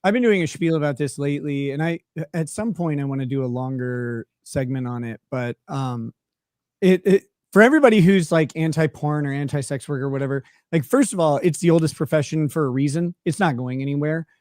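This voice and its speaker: A man's voice: fairly high pitch, lively intonation, a little fast, darkish tone, no echo, studio quality. A man hosting a podcast, telling crude joking stories in casual chat over a streaming setup. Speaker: podcast host. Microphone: streaming call setup.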